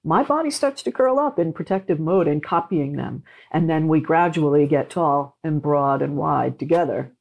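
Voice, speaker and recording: Low-voiced expressive woman. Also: moderate pace, vocal fry, hardly any pauses. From not from Texas, now living there. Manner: expressive, animated storyteller. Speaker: guest. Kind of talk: casual podcast conversation.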